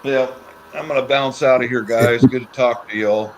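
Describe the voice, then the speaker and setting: A man joining a stream as a guest, chatting casually in a gruff way and joking crudely. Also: mid-range voice, steady tone, moderate pace, rough recording. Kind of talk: casual chat. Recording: faint background noise.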